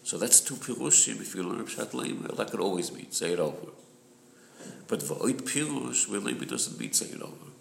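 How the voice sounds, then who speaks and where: A man's voice: on the low side, sing-song, moderate pace. A man leading a group study of a religious text, explaining patiently and repeating the key point. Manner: patient, repetitive explaining, clears throat. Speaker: Torah study group leader. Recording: echoey room with background noise.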